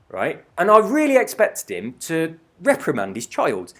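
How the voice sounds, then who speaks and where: Brief: male gaming host, forties, lively swooping voice, casual storyteller who swears a lot. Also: sits high, fairly quick, few pauses. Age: 40s. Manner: animated, swears freely, laughs through stories. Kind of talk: casual storytelling over gameplay.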